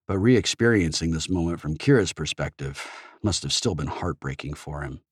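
A man narrating an audiobook in the first person with expressive storytelling. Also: extremely low pitch, normal speed, slightly rough, no room sound, studio quality.

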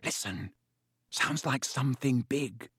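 A man voicing a brave young teenage boy wizard, urgent and hushed when afraid. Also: medium pitch, slow, husky, no room sound, clean studio sound, full character voice.

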